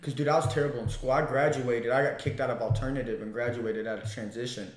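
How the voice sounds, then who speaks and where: A man's voice: mid-range voice, fast, roomy sound. A young man from Missouri, a podcast guest and amateur kickboxer, telling stories in casual chat with lots of swearing and restarts. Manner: profane, rambling, animated storytelling.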